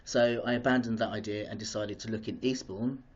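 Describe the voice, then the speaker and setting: A man hosting a live stream, chatting excitedly with viewers and drifting off topic. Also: fairly low pitch, fairly quick. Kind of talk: casual live-stream chat. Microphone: streaming device mic. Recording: dull lo-fi live-stream audio.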